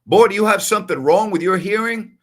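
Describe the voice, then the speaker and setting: A man voicing a gruff, teasing Southern uncle with a Southern drawl, loud and pitched well above his own voice. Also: a little fast, close to an everyday voice.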